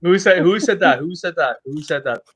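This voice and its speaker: A man's voice: fairly high pitch, lively intonation, normal speed, a bit bright. A man co-hosting a casual chat, enthusiastic and agreeable, swearing freely as he talks about comedy. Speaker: co-host.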